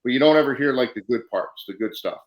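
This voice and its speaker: A male podcast host in casual conversation, telling his stories with animation and acting out the back-and-forth. His voice sits at an ordinary pitch. The room around him adds a noticeable echo. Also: fast talker. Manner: animated storyteller, acts out quoted exchanges. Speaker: podcast host, former wrestler. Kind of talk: casual interview chat.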